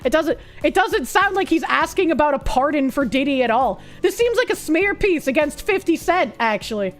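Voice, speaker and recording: A young woman with a Boston accent, chatting casually on a live stream, profane and excitable with bursts of yelling. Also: sits high, normal speed, faint music behind. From Boston, USA. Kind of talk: casual live-stream chat reading comments.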